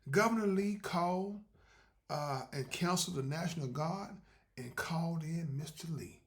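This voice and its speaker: A man's voice: on the high side, moderate pace. An older man telling a comic tall tale as a podcast host, preacherly and exclaiming. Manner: preacherly, exclaiming, slipping into character voices.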